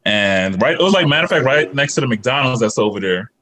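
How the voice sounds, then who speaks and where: A man telling a long, animated story on a casual podcast, acting out other people's lines. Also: mid-range voice, fast, a little hiss or hum. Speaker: podcast guest.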